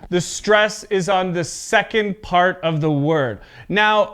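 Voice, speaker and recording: A man's voice: high-pitched, fairly bright tone, smooth. A man teaching an English pronunciation lesson. He is patient, often checks in with "okay?", and exaggerates word stress in his examples.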